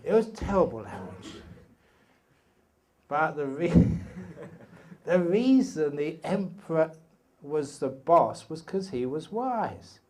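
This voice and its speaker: An older man with a British accent gives a storytelling dharma talk at a retreat. He talks slowly, in a voice a little higher than most men's, and his telling is playful and full of humorous asides. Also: mellow. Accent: British English. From England. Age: 60s. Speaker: meditation teacher. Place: retreat hall.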